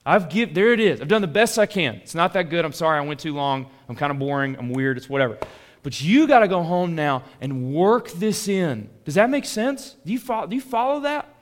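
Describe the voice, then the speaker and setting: A young adult man, a pastor preaching a conversational sermon that drops soft and swells loud. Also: on the high side, sing-song, a little fast.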